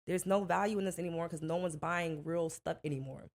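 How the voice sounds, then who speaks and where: A woman's voice: on the low side, steady tone, brisk. A young woman in her twenties, a rapper's wife and first-time podcast guest, telling her story in casual, indignant talk. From Miami.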